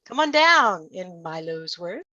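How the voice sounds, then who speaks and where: Bright upbeat woman hosting an online panel. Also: fairly low pitch, very animated, a little slow, dry recording. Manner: upbeat, encouraging. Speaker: host. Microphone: video call. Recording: dull lo-fi call audio.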